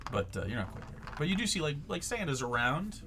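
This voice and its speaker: A man's voice: on the high side, sing-song, fairly quick, music in the background. A man narrating a tabletop game as game master, casual and profane, with many ums and likes.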